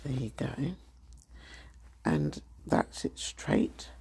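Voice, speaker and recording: A British man with a croaky voice, chatting candidly to his phone camera as a vlogger, with frequent ums. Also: mid-range voice, huge pitch swings, drawn-out words, warm tone. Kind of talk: casual chat to camera.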